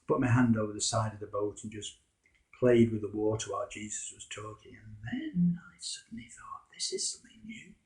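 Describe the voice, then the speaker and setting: A man's voice: lowish voice, animated, normal speed, a little mellow. Wry man telling a first-person story. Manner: wry, conversational, self-mocking.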